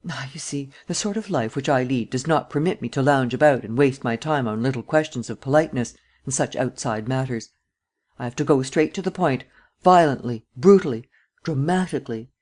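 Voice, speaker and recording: A man doing a calm, cunning gentleman thief. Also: medium pitch, close to an everyday voice. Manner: calm, measured, drily ironic. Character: cool, cunning master thief, self-assured gentleman. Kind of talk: audiobook reading.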